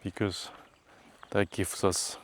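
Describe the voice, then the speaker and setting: Low-voiced man chatting on a walk. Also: flat delivery, takes it slowly, a little hiss or hum. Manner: chatty, points things out to viewers as he walks. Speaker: vlogger. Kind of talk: casual walking tour narration. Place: outdoors on a rural hillside road.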